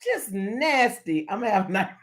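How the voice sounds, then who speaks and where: Her high, sharp voice carries a playful, teasing livestream chat in which she laughs a lot while talking with her viewers.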